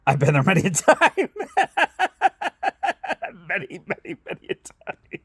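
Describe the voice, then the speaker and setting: A man's voice: sits high, very animated, a little slow, fairly bright tone, breathy edge, no room sound, studio quality. A man vlogger telling funny family stories in a rambling, profane way, often laughing as he goes. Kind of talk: casual storytelling.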